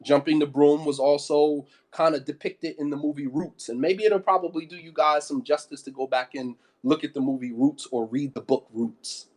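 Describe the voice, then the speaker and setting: A man's voice: a little high, steady tone, moderate pace, hardly any pauses, a little mellow. A man giving an impassioned sermon, firing off rhetorical questions and repeating phrases for emphasis. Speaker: preacher.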